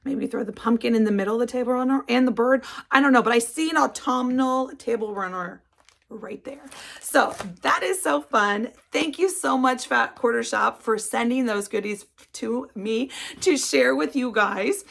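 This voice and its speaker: A middle-aged woman hosts a crafting video from her couch at home. She talks in a chatty, rambling way with lots of restarts. Her slightly high voice has a gravelly fry. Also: moderate pace, fairly bright tone. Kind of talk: casual chat. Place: indoors, sitting on a couch at home.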